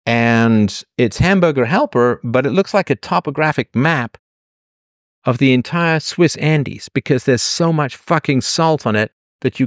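A man's voice: mid-range voice, no echo, studio quality. A man from England telling a rambling comic story, sardonic and full of exaggeration.

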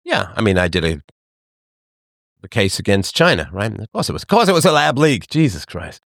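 A middle-aged man hosting a livestream, talking to his chat in a sarcastic, animated monologue. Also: brisk, gravelly, dry recording, clean studio sound. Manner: animated, sarcastic, mimics others in higher voices. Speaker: livestream host. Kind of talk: casual monologue to live chat.

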